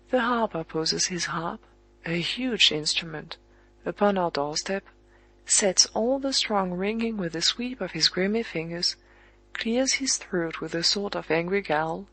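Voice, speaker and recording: An audiobook narrator reading a literary story in a measured, evenly paced way with pauses at the commas. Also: medium pitch, a bit bright, low-quality recording.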